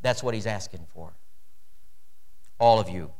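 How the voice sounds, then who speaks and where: A man preaching a sermon in a church, animated, with wide swings in pitch and loudness. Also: a little slow, pauses often. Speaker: pastor.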